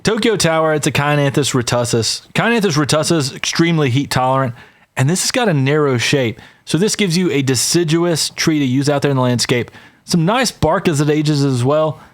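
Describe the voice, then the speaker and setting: A man's voice: fairly high pitch, expressive, fairly quick. A man co-hosting a podcast, talking casually and with enthusiasm, who says "y'all" to listeners. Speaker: podcast co-host.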